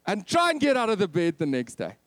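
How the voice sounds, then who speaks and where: Thirties male pastor, jokey sermon, very expressive pitch. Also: brisk, dry recording. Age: 30s. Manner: animated, jokey, swings between loud and soft. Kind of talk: Christmas sermon.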